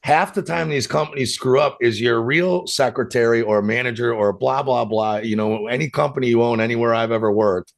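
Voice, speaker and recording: Gravelly, joking male podcast host. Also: medium pitch, brisk, hardly any pauses. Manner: joking, laughs often, loose and rambling. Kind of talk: casual podcast conversation.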